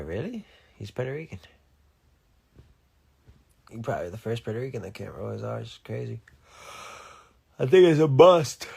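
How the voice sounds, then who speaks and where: Laid-back gravelly low-voiced man. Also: darkish tone. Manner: laid-back and joking, laughs often, can't roll his R's. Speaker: musician on a live stream. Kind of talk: casual live-stream chat, reading comments. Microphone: phone.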